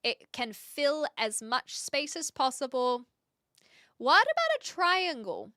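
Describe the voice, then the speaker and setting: A woman's voice: high voice, huge pitch swings, slow, sharp tone, no room sound, clean studio sound. A woman from New Zealand with a rounded New Zealand accent, chatting casually on a live stream as she reacts to videos, curious and laughing often, with casual swearing.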